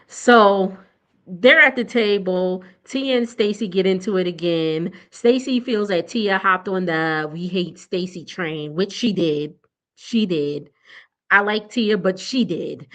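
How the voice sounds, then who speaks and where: A young woman talks through a reality show recap in a loose, chatty way. Her voice sits at an ordinary middle pitch, and she is blunt and quick to laugh as she speaks straight to her viewers. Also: a bit bright. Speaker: TV recap vlogger. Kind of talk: casual recap chat.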